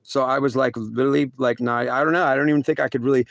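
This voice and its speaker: Gravelly man rambling through a story. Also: mid-range voice, fairly even intonation, fast, no room sound. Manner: restless, repeats himself, full of "like" and "literally". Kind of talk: rambling first-person story.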